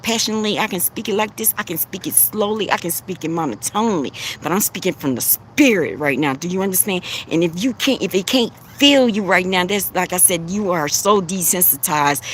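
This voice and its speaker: A woman's voice: low-pitched, fairly bright tone, a little hiss or hum. A woman giving an impassioned spiritual talk as a livestream host, preachy and repetitive. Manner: passionate, preachy, repeats herself.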